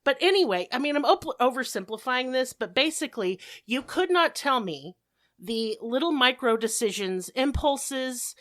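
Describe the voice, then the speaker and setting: A woman's voice: sits high, expressive, moderate pace, a bit bright. A woman co-hosting a podcast, explaining things in a casual, emphatic way with frequent swearing and mock rants. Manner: profane, ranting, emphatic explainer. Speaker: podcast co-host explaining a topic.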